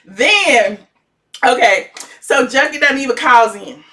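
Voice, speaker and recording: A woman giving sassy, dramatic gossip commentary in a vlog, her voice swooping into high shouts. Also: lively intonation, slow, far from the mic. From Atlanta, USA. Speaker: gossip vlogger.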